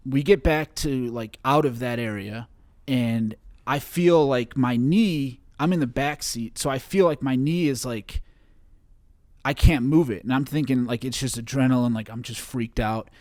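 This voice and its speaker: A young man from Chicago, a guest on an interview show, recounting a personal story in a halting way with many fillers and restarts. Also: mid-range voice, a little mellow, dry recording, clean studio sound.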